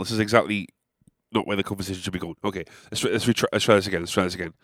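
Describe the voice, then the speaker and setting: A man's voice: low voice, racing, no echo. Rambling, swearing Englishman with a dry sound. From England. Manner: rambling and animated, swears a lot, sarcastic asides. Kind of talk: casual anecdote telling.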